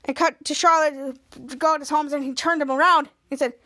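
High-voiced woman retelling a TV episode. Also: fairly even intonation, a bit bright. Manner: retells scenes with quick quoted voices, rambling restarts. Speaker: podcast host. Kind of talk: casual episode recap.

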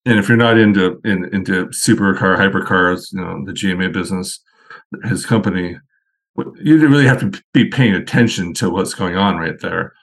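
A man with a fairly low voice talks as a podcast guest. He rambles through car-show anecdotes in a loose, conversational way. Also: brisk, vocal fry.

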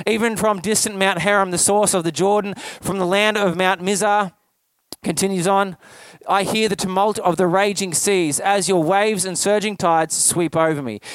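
Pastor guy giving a sermon, kinda high voice, dry close sound, chatty with little jokes, slows way down reading scripture. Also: fairly bright tone, no room sound. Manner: conversational, with joking asides and slow scripture reading; repeats phrases and restarts while explaining.

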